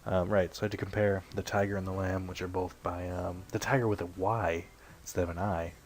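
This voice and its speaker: Young guy w a deep low voice rambling thru a let's play, swears a lot, keeps clearing his throat. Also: flat delivery, brisk. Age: young adult. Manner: rambling, self-deprecating, swears casually. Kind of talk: casual gameplay commentary.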